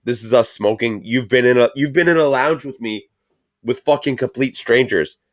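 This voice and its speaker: A man's voice: medium pitch, normal speed, dry recording, studio quality. A man hosting a casual talk show, rambling and swearing a lot, with plenty of fillers. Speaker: show host. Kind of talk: casual profane chat.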